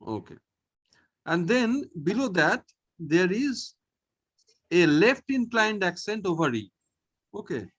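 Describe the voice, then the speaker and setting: A man teaching a French lesson online, slowly and patiently, repeating each sound and often checking in with "okay". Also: high voice, very animated, slightly rough, highs cut off.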